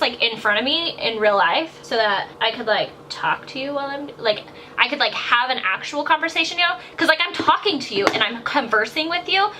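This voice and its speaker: A woman's voice: high-pitched, bright, forceful tone. A young woman doing a chatty makeup tutorial voiceover from her bathroom, gushing and rambling with lots of "like". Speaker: beauty vlogger. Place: home bathroom. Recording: faint fan hiss. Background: bathroom fan noise.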